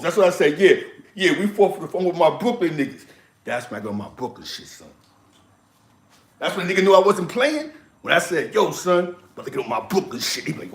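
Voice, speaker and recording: A man's voice: fairly high pitch, a little fast, roomy sound. A man with a New York accent telling stories in a casual, slangy way, often breaking into laughter. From East Harlem, New York. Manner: laughing, slangy, animated storytelling. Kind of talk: casual storytelling.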